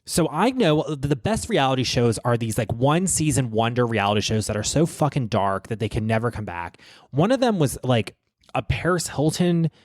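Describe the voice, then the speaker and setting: A man's voice: mid-range voice, no room sound, clean studio sound. Profane, rambling man podcast host. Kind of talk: casual gossip commentary. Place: podcast studio.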